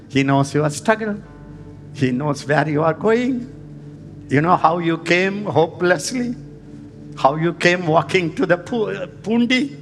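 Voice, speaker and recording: A man with an Indian English accent preaching a sermon, emphatic and dramatic, swinging between loud and hushed. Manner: emphatic, dramatic shifts in pitch and volume. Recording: long hall reverb with faint music.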